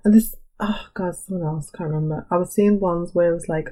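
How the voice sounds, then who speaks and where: A woman co-hosting a podcast in casual chat, reacting quickly and agreeably with frequent giggles. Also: on the low side, steady tone, warm tone. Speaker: podcast co-host.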